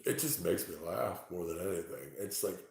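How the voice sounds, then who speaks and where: A man reading tarot live for his chat from home, talking excitably, swearing freely and exclaiming. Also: low-pitched, moderate pace, gravelly. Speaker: tarot reader livestreaming to chat. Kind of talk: casual live-stream chat. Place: at home, indoors. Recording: very echoey room.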